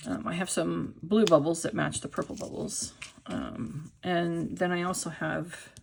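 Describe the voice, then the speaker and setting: A woman's voice: fairly low pitch, level tone, a little slow, creaky, a little hiss or hum. A middle-aged woman with the hiccups, casually narrating her papercraft work, thinking aloud and often dropping to a whisper. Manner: chatty, thinking aloud while working; drops to soft whispers as she works. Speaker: papercraft video maker.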